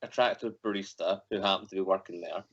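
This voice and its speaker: A man's voice: low-pitched, fast, fairly bright tone. A man from Scotland co-hosting a casual livestream, a giggly storyteller who laughs through his anecdotes. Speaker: co-host. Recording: slightly dull lo-fi stream audio.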